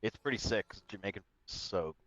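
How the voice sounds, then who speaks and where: A man's voice: lowish voice, fast, fairly bright tone, dry recording. A man co-hosting a podcast in casual chat, rambling with lots of "like" and laughter. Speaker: podcast co-host. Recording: slightly dull lo-fi sound.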